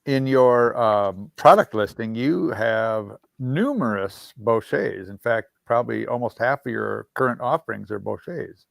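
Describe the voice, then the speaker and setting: Gravelly man, dry and matter-of-fact. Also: mid-range voice, animated, unhurried, hardly any pauses, no room sound. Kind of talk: casual chat.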